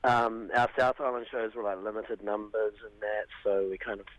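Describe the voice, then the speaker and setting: A man with a New Zealand accent, a band singer, talking casually and hesitantly, his voice a bit raspy after a gig. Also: lowish voice, fairly even intonation, normal speed, fairly bright tone, dry recording, rough recording. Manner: hesitant, lots of ums and trailing off. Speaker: band singer, interview guest. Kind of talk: casual phone-in radio interview.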